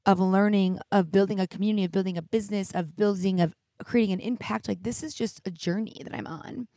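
Teary woman podcasting alone, gravelly. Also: medium pitch, dark tone, no room sound, clean studio sound. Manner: candid, reflective, heavy use of "like". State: teary, crying at times. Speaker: podcast host. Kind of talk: emotional solo podcast monologue. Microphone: studio mic with headphones.

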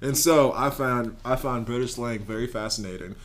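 A young man hosts a relaxed podcast chat. He talks playfully and loosely, quizzing his guest with easy humor. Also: mid-range voice, normal speed, slight background noise. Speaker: podcast host. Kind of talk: casual chat.

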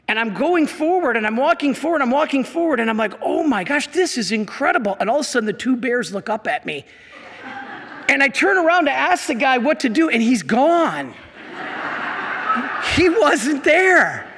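Bright-voiced priest in a reverberant hall. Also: male voice, extremely high pitch. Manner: lively, laughs, acts out quotes, excitable. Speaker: priest giving a talk. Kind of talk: animated storytelling talk.

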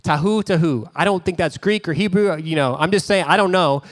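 Man, pastor, sermon, conversational storytelling, fairly high voice. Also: a little fast.

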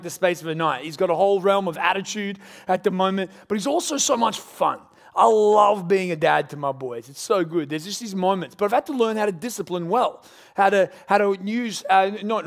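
A man. He sounds like he is in his thirties and talks in a relaxed, chatty way, telling stories and joking at his own expense. When he prays he turns quiet and slow. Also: sits high. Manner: warm storytelling with self-deprecating humour. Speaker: pastor. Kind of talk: sermon.

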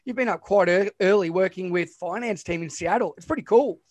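A man's voice: sits high, a little fast, a little mellow. An Australian man hosting a podcast, chatty and matey, laughing along with his guest. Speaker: podcast host. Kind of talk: casual interview chat.

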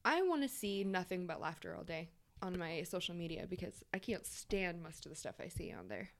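A woman's voice: fairly low pitch, very animated, a little fast, creaky. A woman guest on a podcast, a chatty storyteller who laughs easily. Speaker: podcast guest, merch designer. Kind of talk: casual chat.

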